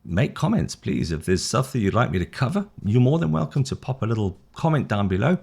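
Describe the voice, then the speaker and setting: A man's voice: mid-range voice, fairly quick, gravelly, husky. A British man teaching an online English lesson, friendly and encouraging, with a sing-song rise and fall. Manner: lively, sing-song intonation with big rises and falls; friendly, encouraging, rambling with restarts.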